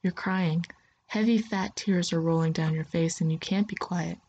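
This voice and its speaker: A woman narrating a second-person story in a soft, steady voice. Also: fairly low pitch, moderate pace, slightly rough, dull audio.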